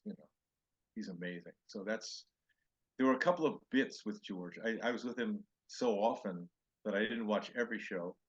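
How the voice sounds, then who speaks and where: An older man, a comedian guest, telling animated show-business stories in an interview and acting out the quoted lines. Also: lowish voice, normal speed, breathy edge, dull audio. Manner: animated anecdotes with acted-out quotes. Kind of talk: storytelling interview chat.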